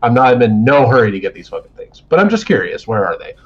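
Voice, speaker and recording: A male podcast co-host rambles through a long, profane story in casual chat, restarting often. His mid-range voice is very animated and fast, carried on dull lo-fi stream audio.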